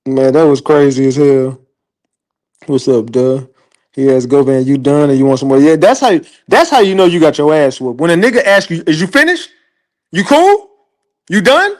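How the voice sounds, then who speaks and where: A man hosting an online show, giving casual livestream commentary in an animated, profane, laughing storyteller's way. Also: medium pitch, moderate pace.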